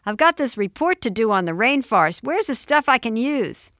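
A woman's voice: on the high side, sing-song, normal speed, a bit bright, no echo, studio quality, pitched above the performer's own voice. A woman doing a bellowing twelve-year-old boy. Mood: demanding. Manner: bellowing, insistent.

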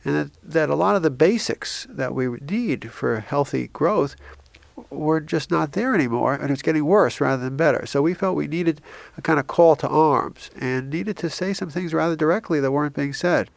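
A man guest expert explaining in an earnest, emphatic way, with a heavily gravelly, fry-laden voice. The sound is dry and close. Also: fairly high pitch, normal speed, dry recording.

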